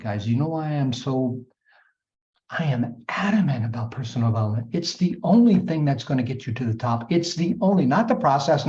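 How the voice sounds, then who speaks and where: A man's voice: medium pitch, darkish tone. Emphatic man coaching in an echoey room. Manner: emphatic, repetitive, punchy sound words; addresses listeners as gang and guys. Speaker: team coach. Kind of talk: motivational coaching talk. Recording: dull echoey room recording.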